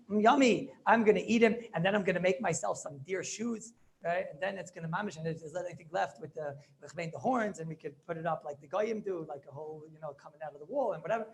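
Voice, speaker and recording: Gravelly rabbi teaching with Yeshivish lilt. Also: male voice, high voice, a little hiss or hum. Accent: Yeshivish English. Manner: storytelling, repeats phrases, asks students questions. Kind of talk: animated Torah class with Yiddish and Hebrew terms.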